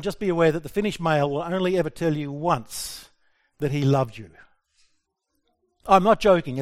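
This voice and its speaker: Middle-aged aussie guy spinning funny stories to a crowd, slightly high voice, jokey and self-deprecating. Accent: Australian. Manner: lively, self-deprecating, asks the audience questions. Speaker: speaker addressing an audience. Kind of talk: humorous personal storytelling talk.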